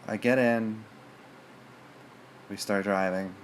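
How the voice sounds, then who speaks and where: A man's voice: on the low side, steady tone, slow pace, slight background noise. A man telling a personal story to his viewers in a rambling, hesitant way, full of fillers and restarts. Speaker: vlogger.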